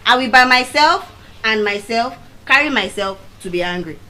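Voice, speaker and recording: A middle-aged woman with a Nigerian accent giving a motivational speech at a public event, telling personal stories with dramatic swings of pitch and loudness. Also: normal speed, poor audio. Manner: animated storytelling with dramatic swings in pitch and volume. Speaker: public speaker. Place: venue of a public speaking event.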